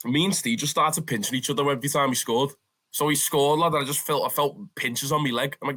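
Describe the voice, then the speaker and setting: Bright-voiced Scouse lad telling stories. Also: male voice, mid-range voice, fast talker. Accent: Liverpool (Scouse). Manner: animated, swears freely, says "lad" often, bursts into laughter. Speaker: podcast guest, football fan. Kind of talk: casual storytelling.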